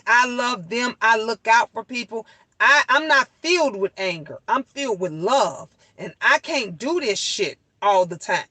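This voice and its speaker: A middle-aged woman speaks to her viewers in a lively, cursing storytime. Her voice is bright and sharp. The sound is close and dry, with no room around it. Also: on the high side, dry recording, low-quality recording. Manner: animated, cursing, repeats herself for emphasis. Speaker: vlogger. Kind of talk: casual storytime talk to viewers.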